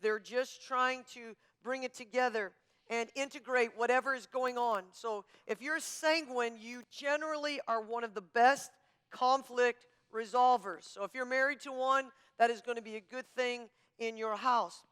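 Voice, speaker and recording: Woman pastor teaching on marriage, punchy and emphatic, crisp bright voice. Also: a little high, steady tone, moderate pace. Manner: emphatic, forceful and talkative, coach-like. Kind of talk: sermon-style teaching.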